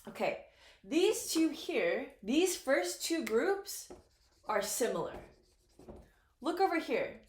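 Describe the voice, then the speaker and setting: Slow, clear woman teacher in an echoey room. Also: high-pitched, sing-song, slight background noise. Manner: slow, deliberate, repeats and checks with "right?" and "okay?". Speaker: English teacher. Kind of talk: classroom grammar lesson at a board.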